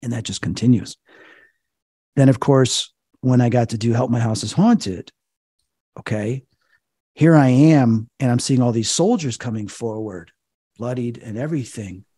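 A middle-aged man, a psychic medium, telling animated stories in an interview and acting out the quoted voices. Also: medium pitch, unhurried, pauses often, slightly rough, no echo, clean studio sound. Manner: acts out quoted voices, excited.

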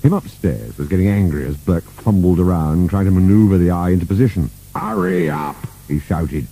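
Dark husky storybook narrator man. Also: sits low, brisk, faint music behind, poor audio. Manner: expressive, playful reading.

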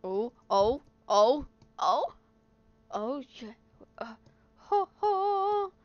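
A woman giving excitable let's play commentary, exclaiming and chattering at the game as she plays. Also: sits high, drawn-out words, no room sound, highs cut off. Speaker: gaming video host. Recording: game sounds and noise behind. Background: video game sound effects.

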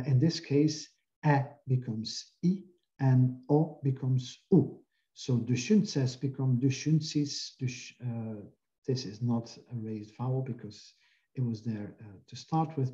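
Dark-voiced male lecturer, muffled audio. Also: medium pitch. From Belgium. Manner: careful, explanatory, with frequent "uh" pauses. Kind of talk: academic lecture.

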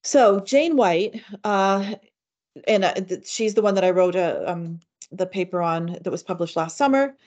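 A woman giving an academic seminar paper in a measured way, with frequent fillers and restarts. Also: medium pitch, lively intonation, darkish tone. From Canada. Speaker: academic speaker. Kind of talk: seminar lecture reading a paper.

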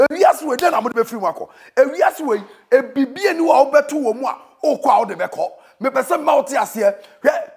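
A man with a Ghanaian accent giving a dramatic, scolding comic sermon that bursts into shouting. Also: extremely high pitch, lively intonation, brisk, gravelly, hardly any pauses, slightly rough. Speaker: preacher.

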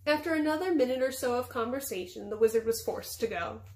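A woman teacher reading a chapter book aloud to her class in steady storybook narration. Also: on the high side, quick pace.

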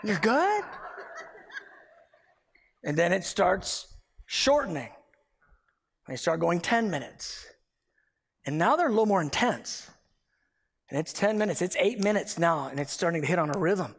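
A male pastor preaching a sermon and telling a personal story, animated, swinging between loud and hushed, repeating words as he builds a point. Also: sits high, normal speed, pauses often.

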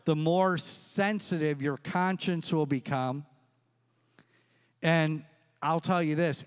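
A middle-aged pastor preaches in a fairly high, smooth and resonant voice. He tells stories and acts out the dialogue as he goes. His words ring through a large, echoing church. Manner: storytelling with acted-out dialogue. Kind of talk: sermon. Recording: echoey church hall.

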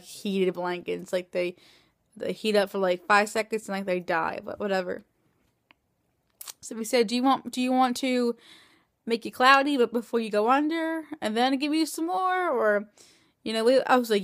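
A woman's voice: fairly high pitch, animated, moderate pace, no echo, clean studio sound. Chatty young woman telling a story. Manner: chatty, rambling, full of filler words, acts out voices in retelling. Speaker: vlogger. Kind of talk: casual storytelling.

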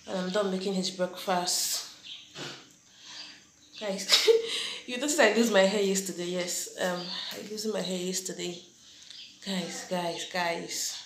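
Young Nigerian woman vlogger, chatty and repetitive, echoey room with background noise. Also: medium pitch. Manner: chatty, repeats phrases, addresses viewers as guys. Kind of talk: casual vlog chat to camera. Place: home.

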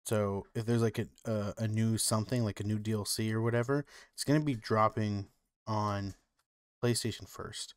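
A man's voice: on the low side, steady tone, normal speed, clear, resonant tone, no echo, clean studio sound. A man co-hosting a podcast, chatting casually and rambling, with lots of "like" and "you know". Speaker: podcast co-host. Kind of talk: casual chat.

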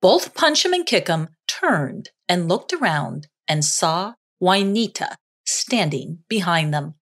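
A woman telling a children's bedtime-style story. She reads slowly and deliberately, her voice rising and falling with lots of expression. Her pitch sits a little low for a woman. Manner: slow, expressive reading.

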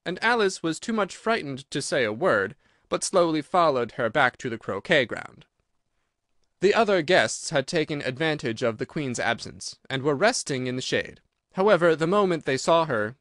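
A man narrating a storybook audiobook in an expressive storytelling manner. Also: mid-range voice, no echo, clean studio sound.

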